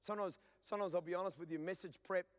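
A man preaching a sermon to a church congregation in an impassioned style, building to loud calls to the crowd. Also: high voice, fairly even intonation, very fast. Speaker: pastor. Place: church service before a congregation.

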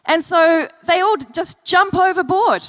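A woman's voice: extremely high pitch, unhurried, a bit bright. A woman preacher delivering an earnest sermon to a church congregation, telling stories and repeating key phrases. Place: church service.

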